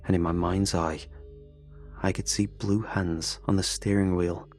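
A man's voice: deep voice, level tone, measured pace, a little mellow, soft background music. A man narrating a first-person horror story in a tense, confessional way.

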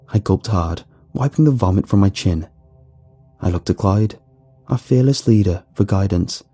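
A man narrating a first-person horror story in an expressive, animated way. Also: low voice, moderate pace, slightly rough, faint music behind.

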